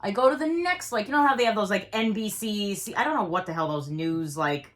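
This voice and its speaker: A woman with a middle-pitched voice tells a story in a relaxed chat. She rambles and stays animated, and she pads her sentences with "like.". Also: brisk.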